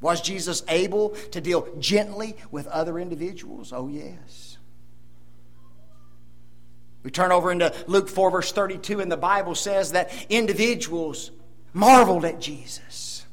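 A male preacher delivering a sermon, emphatic, firing rhetorical questions at the congregation and swinging between loud emphasis and hushed asides. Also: a little high, normal speed.

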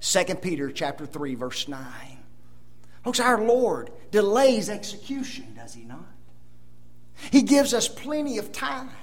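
High, animated preacher man. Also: measured pace. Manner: emphatic, asks the congregation rhetorical questions; swings between loud emphasis and hushed asides. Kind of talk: sermon.

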